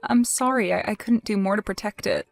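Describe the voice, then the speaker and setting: A woman's voice: mid-range voice, fairly quick, creaky, soft background music, natural voice. A woman voicing a grieving young wife in a text-message drama, pleading and then outraged. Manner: emotional, pleading, rising to outraged.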